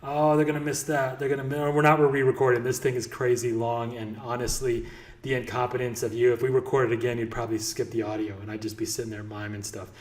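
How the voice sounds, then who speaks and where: A man's voice: medium pitch, flat delivery, fairly quick. A man coaching on business in a casual motivational talk, effusive and blunt, and he swears freely. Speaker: real estate business coach.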